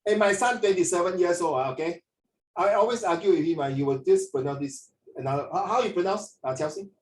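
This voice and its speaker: A man, teaching a classroom lesson in an animated way and mixing in Mandarin. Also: sits high, fast talker. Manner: animated, mixes in Mandarin, frequent "ah" tags. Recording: echoey classroom from a distance.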